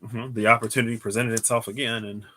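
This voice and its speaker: A man giving a casual livestream tarot reading, thinking aloud in a rambling way with restarts and soft chuckles. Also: medium pitch, no room sound. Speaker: tarot reader.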